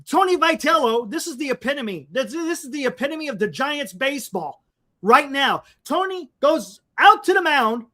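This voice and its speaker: Ranting high-voiced male sports fan. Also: pushed and bright. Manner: frustrated, ranting, repeats words. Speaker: podcast co-host. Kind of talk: heated fan sports talk.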